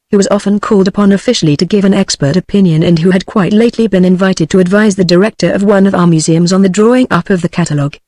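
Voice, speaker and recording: A woman's voice: fairly low pitch, no room sound. Dry synthetic British woman narrating. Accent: British English. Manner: even machine reading, reads punctuation aloud. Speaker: audiobook narrator. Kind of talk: synthetic audiobook reading.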